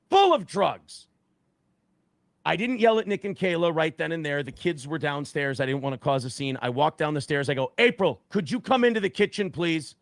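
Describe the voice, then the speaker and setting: A man recounting a story with lots of swearing and emphasis. His voice is gravelly and fairly high, swinging widely in pitch, and the sound is dry and close. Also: fairly bright tone, dry recording. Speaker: guest telling a personal story. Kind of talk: recounted anecdote.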